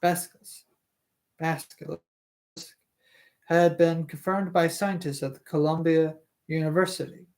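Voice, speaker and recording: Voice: medium pitch, steady tone, a little slow, pauses often, darkish tone. A streamer reading a novel aloud live, tripping over hard words, correcting themselves, and breaking off for chatty asides.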